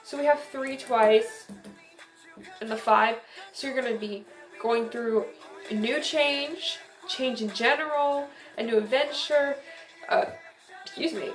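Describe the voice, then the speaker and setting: A woman's voice: fairly high pitch, takes it slowly, long pauses. A bubbly, chatty young woman giving a casual tarot reading, often giggling. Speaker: tarot reader. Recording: echoey room with background music.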